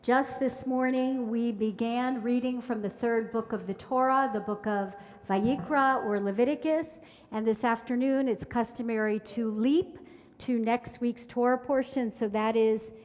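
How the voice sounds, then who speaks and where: A woman leading a synagogue service, telling a story in a measured sermon style. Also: a little high, a little mellow. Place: large synagogue sanctuary. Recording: reverberant sanctuary from afar.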